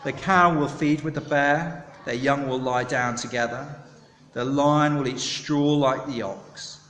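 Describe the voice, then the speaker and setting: A man's voice: mid-range voice, a little slow, a little hiss or hum. Chatty man preaching in an echoey hall. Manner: chatty and animated, polling the room. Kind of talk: sermon with audience participation. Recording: echoey hall, long reverb.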